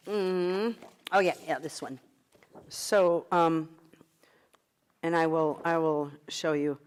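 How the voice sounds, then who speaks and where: Middle-aged woman, vocal coach, encouraging, slightly low voice, guides breath work. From United States. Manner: guiding breathing exercises, encouraging. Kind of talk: online vocal workshop.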